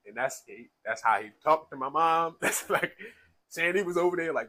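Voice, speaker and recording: A man tells a raw personal story in loose, slangy talk, often restarting his sentences. His voice is husky and tearful, with a bright edge to it. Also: fairly high pitch, animated, normal speed, low-quality recording. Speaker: speaker sharing his life story.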